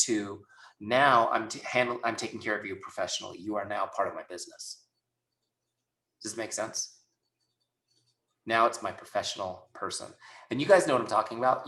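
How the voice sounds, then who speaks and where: A man's voice: medium pitch, sharp tone, reverberant. A man running a webinar training, talking casually and acting out both sides of conversations. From Southern California. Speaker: sales trainer.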